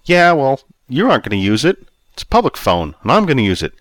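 A man's voice: mid-range voice, wildly swooping pitch, fast talker, a bit bright, no echo, voice pushed up. A man voicing a brash young punk girl who talks back defiantly in a storybook reading. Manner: sassy, defiant.

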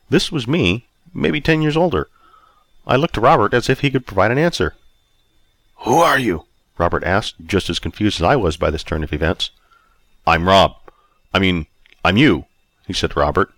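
A man's voice: medium pitch, very animated, brisk, fairly bright tone, no echo. A man narrating a first-person story aloud in a wry, self-mocking way. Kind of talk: audiobook reading.

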